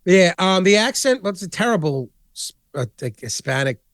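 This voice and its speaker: Man, high voice, dry close sound, profane, animated movie chat. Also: moderate pace, no room sound. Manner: profane, animated retelling of scenes. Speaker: podcast co-host.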